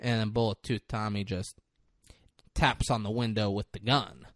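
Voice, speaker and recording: A man's voice: lowish voice, moderate pace, no room sound, clean studio sound. A man co-hosting a podcast, recapping a film in casual chat and acting out the characters' lines with swearing. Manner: animated retelling with acted-out quotes, swearing. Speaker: podcast co-host.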